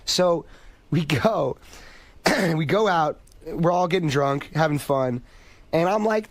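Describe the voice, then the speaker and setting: A male guest telling a long story in a casual, profane, animated and rambling way in a radio studio. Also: a little high, slow, no echo.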